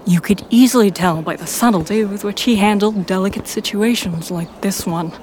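A woman's voice: mid-range voice, moderate pace, darkish tone, slight background noise, rough recording. Woman narrating a fan audio drama.

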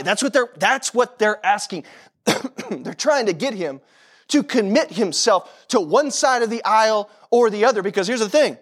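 High-pitched, fervent preacher man. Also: lively intonation, normal speed, a bit bright, breathy edge. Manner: impassioned, repeats phrases, talks straight to the congregation. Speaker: pastor. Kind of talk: sermon.

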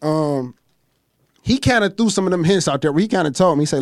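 A man, host of a chat show, telling a long story in a profane, animated way and acting out what others said. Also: medium pitch, fast talker, dry recording, studio quality. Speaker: podcast host.

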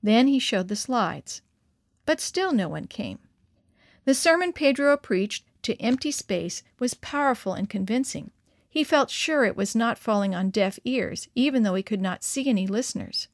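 Expressive woman reading a story aloud. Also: a little high, normal speed, no echo, studio quality. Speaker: narrator.

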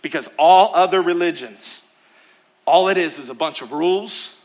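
Male pastor, sermon, high voice, punchy and emphatic, loud and hushed turns. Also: moderate pace. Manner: emphatic, rhythmic repetition, swings between loud and hushed. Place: church.

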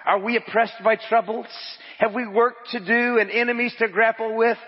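Pastor preaching in an echoey hall. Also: male voice, very high voice, steady tone, moderate pace, breathy edge, dull audio. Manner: reads scripture and quotes aloud, repeats phrases for emphasis; asks the congregation to repeat lines. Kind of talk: sermon. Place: church.

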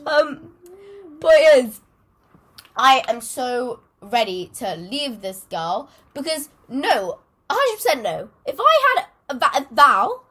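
Teen girl podcast co-host, slightly husky, high-ish voice, rambling casual chat. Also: big pitch swings, slow, a bit bright. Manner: chatty, rambling, giggly.

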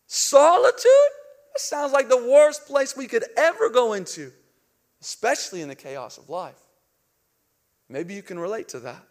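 A young man preaching a sermon as pastor, telling stories with animated outbursts and dropping to a soft hushed tone for reflective moments. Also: sits high. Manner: animated storytelling, acting out panic with loud outbursts.

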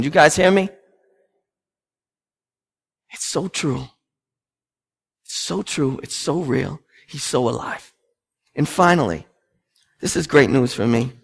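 A man in his thirties, a pastor preaching a sermon and telling family stories with lively acted-out dialogue. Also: a little high, fairly quick, creaky. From United States. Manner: storytelling, animated, acts out family scenes.

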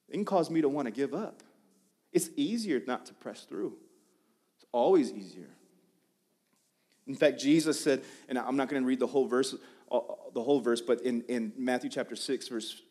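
A man preaching a sermon in a conversational, animated way, often restarting his phrases. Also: medium pitch. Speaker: pastor.

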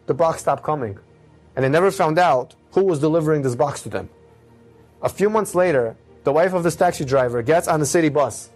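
A man telling a moral story with dramatic delivery, swinging his pace and pitch. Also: darkish tone.

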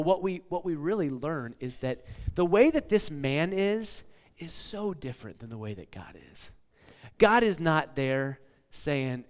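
A man's voice: on the high side, a bit bright. A man in his forties preaching a casual, conversational sermon, often checking in with "okay?" and "like.". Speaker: pastor. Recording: long hall reverb.

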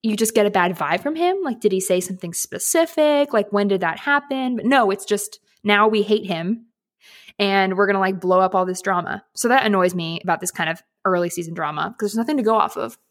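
A woman's voice: mid-range voice, brisk. A young woman co-hosting a podcast in casual chat. She is chatty, laughs often and swears casually. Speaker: podcast co-host.

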